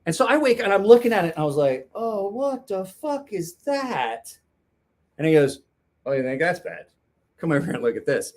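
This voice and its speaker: A man's voice: medium pitch, a little mellow, husky. A man telling a rambling, profane anecdote in casual chat, laughing along. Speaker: storyteller guest.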